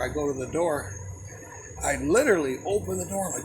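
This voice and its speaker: Gravelly man telling a profane story. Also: fairly high pitch, fairly quick, noisy background. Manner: profane, rambling, animated retelling. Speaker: storyteller recounting a personal experience. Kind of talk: casual personal storytelling.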